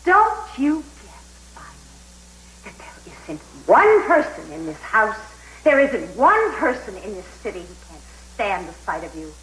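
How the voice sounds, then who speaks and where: A proud woman answers her rival coldly and with contempt. Her voice moves lively up and down. The soap-opera audio is roomy with faint hiss. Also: mid-range voice, a little slow. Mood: contemptuous. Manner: cold, cutting, contemptuous.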